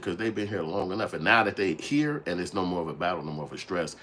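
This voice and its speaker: A man's voice: deep voice, lively intonation, fast, background noise. A man hosting a commentary livestream, ranting bluntly and with heavy profanity while calling out his chat viewers. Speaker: channel host commenting on a clip.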